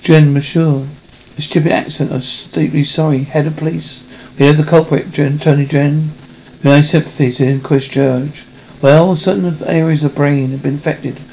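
A man reading every part of a film in a single-voice voice-over, halting over words and restarting lines, from a dull, lo-fi soundtrack. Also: a little high, steady tone, vocal fry, dark tone, slight background noise. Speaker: single-voice film dub reader.

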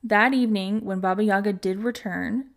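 A woman podcast host calmly narrating a folk tale in a measured storytelling voice. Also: mid-range voice.

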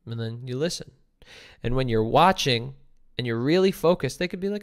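A man hosting a casual podcast stream, talkative and quick to laugh, explaining ideas at length. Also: mid-range voice, animated. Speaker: podcast host. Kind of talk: casual livestream chat.

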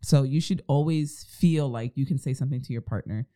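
A man's voice: mid-range voice, a little fast, dark tone. A man in casual podcast chat, talking earnestly and giving advice to listeners. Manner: earnest, advising.

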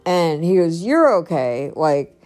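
A woman's voice: deep voice, very animated, takes it slowly, a little mellow. A woman talking casually in a personal vlog, chatty and rambling, laughing often. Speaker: vlogger.

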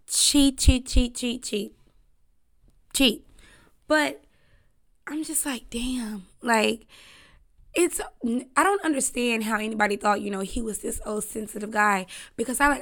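Blunt, animated woman podcast host. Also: a little high, creaky. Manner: blunt, animated, swears freely, slangy. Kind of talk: casual solo podcast chat.

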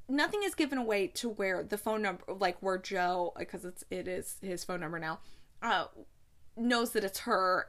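A podcast host who reviews movies gushes casually through a film recap, hopping between retold scenes and playful asides. Her voice sits at a middling pitch for a woman and is a bit bright.

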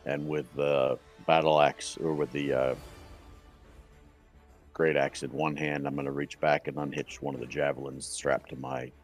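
A man playing a tabletop game, declaring his character's moves with hesitant pauses and fillers. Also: very deep voice, flat delivery, soft background music. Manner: hesitant, many fillers while deciding moves. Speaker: player.

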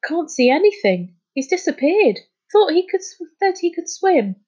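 A man's voice: very high-pitched, very animated, moderate pace, a little mellow, dull audio, voice pushed up. A woman voicing a bossy, skeptical boy who snaps out curt orders on a sailing boat, in a storybook reading. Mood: gruff.

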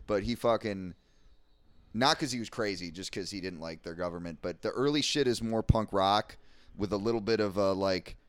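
A man's voice: lowish voice, normal speed, clean tone, dry recording. A man co-hosting a podcast, talking casually and enthusiastically about music with lots of swearing and rambling asides. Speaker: podcast co-host. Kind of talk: casual chat.

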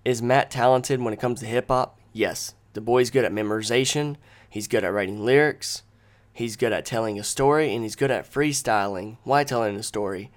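A man hosting a casual podcast who talks bluntly and swears freely. He rambles through his story in an ordinary, mid-pitched voice into a podcast microphone indoors. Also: normal speed. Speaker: podcast host. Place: indoor room with friends.

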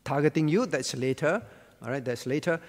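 A man teaches scripture to a group, stopping often to ask questions and call on people by name. His voice sits fairly high for a man. The sound carries a long reverb, as in a large hall. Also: lively intonation, moderate pace. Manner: asks questions and calls on listeners by name, repeats key words. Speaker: pastor. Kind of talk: interactive Bible teaching.

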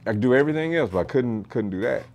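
A man's voice: mid-range voice, racing. A middle-aged man telling stories casually on a podcast, swearing freely and laughing often. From rural United States. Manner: profane, animated, laughs often. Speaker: podcast storyteller, martial arts master. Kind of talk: casual storytelling.

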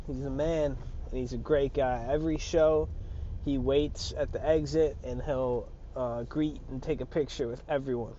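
Guy rambling on his own podcast, slangy and cussing, muffled lo-fi sound, kinda mellow. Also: mid-range voice, slight background noise. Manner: slangy, profane, loose and rambling. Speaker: solo podcast host. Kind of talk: casual rambling monologue.

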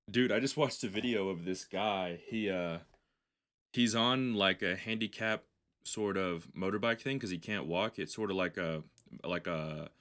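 A man's voice: low voice, a bit bright. A man hosting a podcast, telling long rambling stories in casual, heavily profane chat. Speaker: podcast host.

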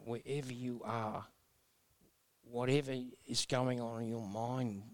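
A man's voice: mid-range voice, fairly even intonation, slow, no echo. A man in his sixties with an Australian accent, telling his life story as an interview guest in a blunt, earnest, folksy way. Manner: blunt, earnest, folksy with mild self-mocking humor.

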